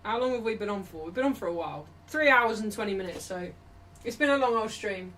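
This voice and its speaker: A woman's voice: mid-range voice, animated, quick pace, fairly bright tone, far from the mic. A young woman hosting a live football watchalong stream, chatting casually with her viewers, laughing a lot and swearing now and then. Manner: laughs often, swears, talks to her chat.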